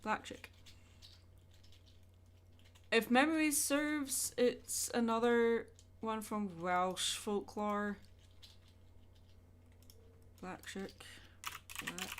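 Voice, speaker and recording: A woman's voice: on the high side, fairly even intonation, drawn-out words, pauses often, a little hiss or hum. A young woman chatting casually with her viewers during a drawing livestream, rambling and answering questions as she goes. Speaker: art streamer.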